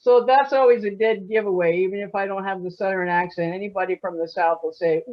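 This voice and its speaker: A woman's voice: medium pitch, steady tone, fairly quick. A woman in her sixties from Alabama, a poet telling chatty, folksy stories in an interview and laughing often. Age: 60s. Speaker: poet guest. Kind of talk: casual interview storytelling. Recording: muffled lo-fi audio.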